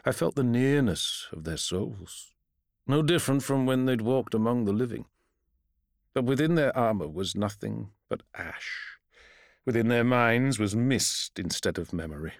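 A man reading a first-person fantasy story aloud in a measured, solemn storytelling manner. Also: mid-range voice, expressive, creaky, no room sound, studio quality. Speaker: audiobook narrator.

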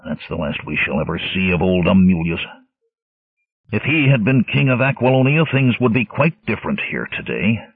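A man's voice: on the low side, very animated, moderate pace, husky, dry recording, heavily acted. A man voicing a blunt, fierce barbarian warrior chief who growls his commands, in a storybook reading. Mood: grim. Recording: tinny lo-fi narrowband audio.

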